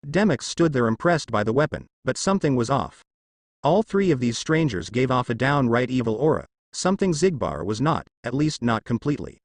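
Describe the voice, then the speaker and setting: A man reads a fan-fiction story aloud, telling it in a steady storytelling manner. His pitch sits in the middle but moves lively up and down. The recording is dry, with no room sound. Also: a little fast, dry recording. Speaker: narrator.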